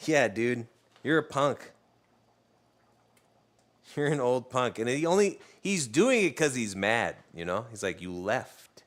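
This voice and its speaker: This is a cooking streamer with a mid-range voice that swings a lot in pitch; he takes things slowly and pauses often. He cooks live while chatting loosely with his audience, telling jokey stories and talking to and teasing his dog.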